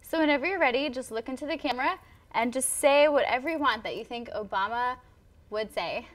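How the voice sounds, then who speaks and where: A woman's voice: high voice, a little fast, fairly bright tone. A young woman hosting a student talk show, chatty and playful as she interviews and introduces guests.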